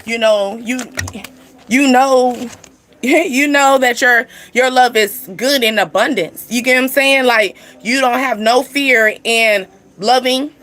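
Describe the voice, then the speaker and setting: A woman's voice: fairly high pitch, slow, fairly bright tone. A young woman giving a casual spiritual card reading to camera, rambling and chatty, full of "like" and "you know". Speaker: tarot card reader.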